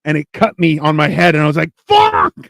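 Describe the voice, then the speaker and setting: A man's voice: fairly high pitch, quick pace, vocal fry, no room sound, studio quality. A man co-hosting a casual podcast, telling profane stories and acting out what people said. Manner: animated storyteller, acts out quotes, profane. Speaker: podcast co-host. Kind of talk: casual storytelling chat.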